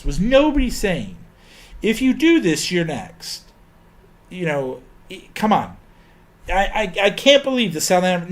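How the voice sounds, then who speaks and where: A man talks through a history lecture in an easy, rambling way. He leans on ums and uhs and drops in opinionated asides. His voice sits at an ordinary middle pitch.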